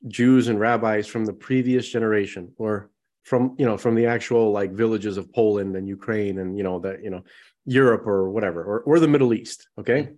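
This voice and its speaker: A man's voice: on the low side, brisk, a little mellow. A man co-hosting a podcast in casual conversation, talking in a rambling way with many restarts and "you know"s. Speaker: podcast co-host.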